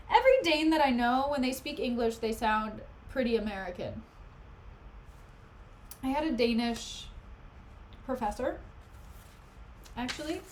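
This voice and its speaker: A woman's voice: on the high side, animated, unhurried, long pauses, a little hiss or hum. A woman streamer chatting casually and jokingly as she reads a play aloud, often wandering off topic. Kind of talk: casual chat while reading a play aloud.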